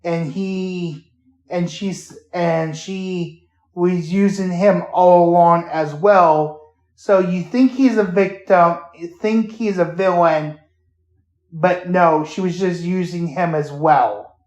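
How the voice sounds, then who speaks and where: A man hosting a casual podcast, retelling a show haltingly with many fillers and restarts. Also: sits high, steady tone, darkish tone. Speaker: podcast host. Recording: roomy echo.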